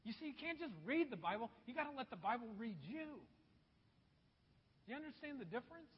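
A man's voice: very high voice, expressive, fairly quick, husky. A man preaching a sermon as pastor, emphatic and repeating phrases, calling his listeners folks. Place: church sanctuary. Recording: dull echoey church hall recording.

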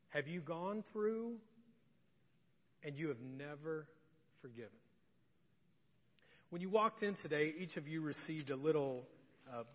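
Pastor in an echoey church hall. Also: male voice, fairly high pitch. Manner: conversational, joking, swings from loud to soft and emotional. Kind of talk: sermon with personal story. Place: church sanctuary. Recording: distant echoey hall, dull sound.

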